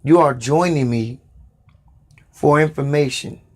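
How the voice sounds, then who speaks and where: A man delivers a spiritual sermon for his podcast. He speaks very slowly and deliberately, stressing words like a preacher. His voice sits a little high for a man. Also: a little mellow. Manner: slow, deliberate, preacherly emphasis.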